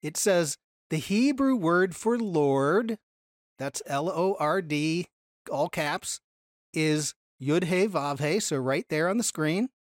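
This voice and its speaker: Animated Bible study teacher, dry room. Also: mid-range voice, takes it slowly, no echo. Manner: explanatory, self-correcting, animated emphasis on key words.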